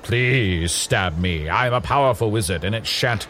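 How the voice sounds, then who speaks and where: A man's voice: on the low side, measured pace, a bit bright, slight background noise. A man playing a fussy, self-important wizard who stammers and speaks in a mock-old-fashioned, formal way in an improvised comedy role-play.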